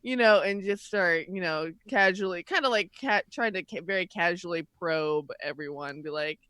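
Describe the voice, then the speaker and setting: A woman's voice: lowish voice, normal speed, a bit bright, clear, resonant tone, dry recording. A woman playing in a tabletop game, talking in an easygoing, chatty way. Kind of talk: casual game play.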